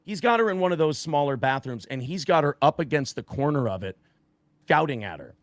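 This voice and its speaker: A man's voice: fairly high pitch, fairly quick, no room sound. Blunt, profane man in his forties. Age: 40s. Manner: blunt, profane, animated retelling with quoted voices. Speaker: guest. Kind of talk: casual storytelling on a stream.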